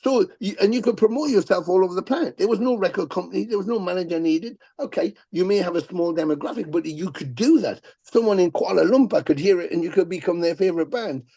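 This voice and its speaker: A middle-aged man, a musician guest telling profane, animated stories on a podcast and acting out the people he quotes. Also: high voice, quick pace, few pauses, husky, no echo. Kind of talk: casual podcast storytelling.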